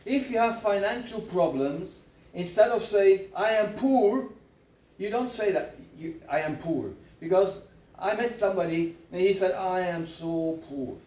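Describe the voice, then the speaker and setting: A man preaches a sermon in a high-pitched, darkish voice at a measured pace, repeating points for emphasis and leading the congregation in call-and-response. The mic is distant in an echoey room.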